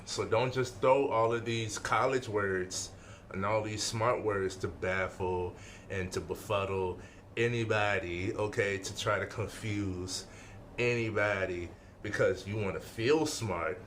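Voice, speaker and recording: A life-skills speaker with a fairly low, fairly bright voice gives a casual motivational lesson at a steady, slightly slow pace. He's emphatic, repeats his key lines, and keeps checking in with the listener, while faint background noise runs underneath.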